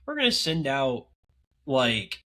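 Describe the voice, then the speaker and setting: A man's voice: mid-range voice, wildly swooping pitch, slow pace, pushed and bright. A man co-hosting a casual hockey podcast, joking and sarcastic in easygoing banter. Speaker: podcast co-host.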